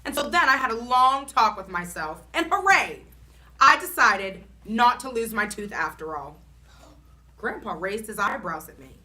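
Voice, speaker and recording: A woman reading a children's chapter book aloud in an expressive, animated storytelling manner. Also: a little high, normal speed.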